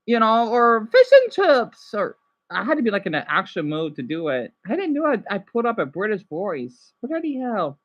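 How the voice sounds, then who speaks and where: A woman streaming a game on her phone and chatting excitedly with her viewers, often restarting her sentences. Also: mid-range voice, moderate pace. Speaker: game streamer reading chat. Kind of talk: casual livestream chat. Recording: dull lo-fi phone audio.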